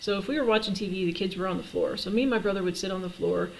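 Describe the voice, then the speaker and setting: Middle-aged woman, gravelly vlogger voice, halting and reflective, faint hiss behind. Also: medium pitch, darkish tone, rough recording. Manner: halting, reflective, with frequent fillers and restarts. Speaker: vlogger telling her life story. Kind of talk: personal storytelling to camera.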